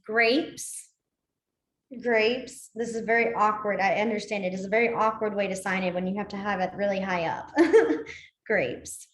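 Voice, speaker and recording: A woman's voice: medium pitch, measured pace, roomy sound. A young woman teaching a sign language class online, chatty, apologetic and easily sidetracked, laughing often.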